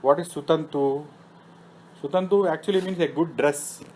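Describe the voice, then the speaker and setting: A man's voice: on the high side, moderate pace, darkish tone, a little hiss or hum, poor audio. A man lecturing on Vedic philosophy who recites Sanskrit terms and then explains them, often asking himself a question and answering it. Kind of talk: scripture lecture. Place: temple meeting room.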